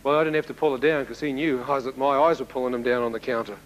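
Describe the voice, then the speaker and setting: A man from New Zealand with a New Zealand accent, telling his testimony as a sermon and acting out the dialogue in an animated way. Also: medium pitch, fast, a little hiss or hum, rough recording. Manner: animated storyteller who acts out dialogue, with laughs. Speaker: preacher giving a testimony.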